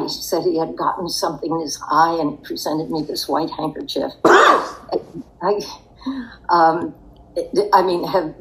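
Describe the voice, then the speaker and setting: An older woman speaking in a low-set voice at a slow, unhurried pace. She looks back on her past with reflective pauses and the odd soft laugh, as an interview guest. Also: low-quality recording. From United States. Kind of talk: interview storytelling.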